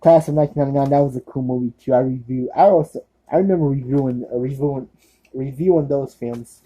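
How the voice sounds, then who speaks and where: Laid-back male vlogger with a deep, dark tone, offhand and rambling through his picks. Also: quick pace, breathy edge, poor audio. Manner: rambling, many fillers and restarts. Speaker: horror movie reviewer. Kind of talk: casual movie recommendation vlog.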